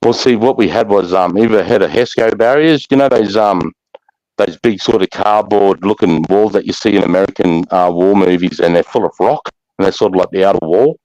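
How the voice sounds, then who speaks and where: A middle-aged Australian man with a deep, low voice tells stories from his time as a soldier in loose, casual talk. He swears freely and drifts into fillers as he hunts for words. The sound is dry and close, with no room echo. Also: a little fast, a little mellow, muffled recording. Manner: rough-spoken, swears freely, trails off with fillers. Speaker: army veteran guest. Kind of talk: casual war storytelling on a live chat.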